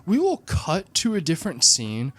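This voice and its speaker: Sarcastic movie reviewer, lively swooping pitch, animated, lots of "like". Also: moderate pace. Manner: frequent "like" fillers. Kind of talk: comedic movie review commentary.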